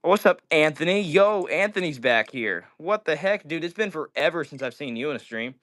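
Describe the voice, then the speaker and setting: A man's voice: on the high side, lively intonation, normal speed, fairly bright tone. A man hosting a casual live stream, reading viewers' comments aloud and answering them in an upbeat way. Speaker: livestream host.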